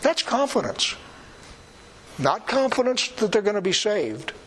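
A man's voice: high voice, sing-song, a little slow, fairly bright tone, a little hiss or hum, low-quality recording. A man preaching a sermon in a conversational, emphatic way with wry asides.

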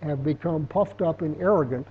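A man's voice: on the high side, moderate pace. A middle-aged man giving a conversational Bible teaching, telling stories and reading scripture aloud with emphasis. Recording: dull, lo-fi sound.

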